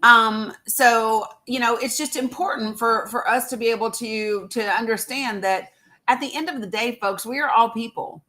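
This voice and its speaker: A woman's voice: on the high side, steady tone, moderate pace, sharp tone. A woman hosting a live social audio stream, talking casually to her listeners and greeting them by name. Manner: chatty, addresses viewers by name, many fillers. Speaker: livestream host.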